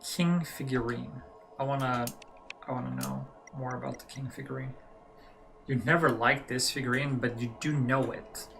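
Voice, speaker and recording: A man's voice: medium pitch, steady tone, normal speed, vocal fry, fairly bright tone, faint music behind. Chatty man playing a horror game. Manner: chatty, muttering asides to himself. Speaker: gaming channel host. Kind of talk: casual let's-play commentary.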